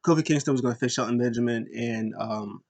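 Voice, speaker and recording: A young man hosting a wrestling podcast, giving a casual, rambling recap and jumping into squeaky impressions now and then. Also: quick pace, darkish tone. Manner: rambling, jokey, mimics wrestlers in high squeaky voices.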